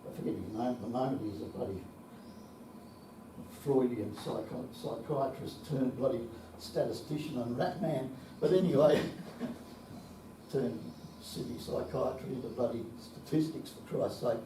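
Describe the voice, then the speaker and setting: Speaking at a conference, this Australian man in his seventies spins anecdotes full of salty language and laughter. His mid-range voice moves at a measured pace over a noisy background, captured by a distant mic in an echoey hall.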